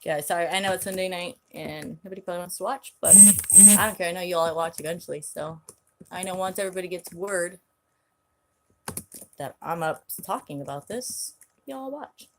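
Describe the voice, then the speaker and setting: A woman with a somewhat low voice, ranting to her viewers on a live stream. She is plainly angry and talks bluntly, swearing freely as she vents. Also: fairly quick, a little hiss or hum. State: angry, agitated. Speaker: channel host.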